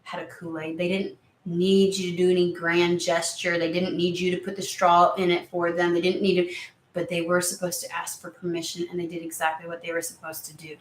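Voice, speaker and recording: A woman's voice: lowish voice, completely flat delivery, brisk, reverberant, a little hiss or hum. A woman giving a casual tarot reading, chatty and emphatic, who swears now and then. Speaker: tarot reader.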